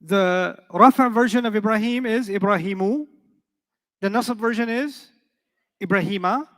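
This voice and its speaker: Guy teaching arabic class live, kinda high voice, jokes around a lot n quizzes ppl. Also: normal speed, fairly bright tone, long reverb tail. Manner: playful, joking, quizzes the class.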